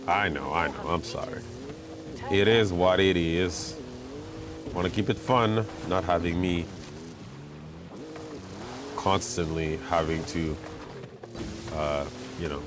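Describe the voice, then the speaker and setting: A low-voiced man commentates his own racing game play, chatty and self-mocking, and gets excited whenever he takes the lead. Game engine noise and racing car sounds run behind his voice.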